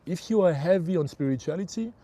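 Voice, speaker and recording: A man's voice: on the high side, animated, fast talker, mellow. A middle-aged man working as a spiritual life coach, giving an emphatic motivational livestream talk. He repeats his key phrases and calls his listeners bro.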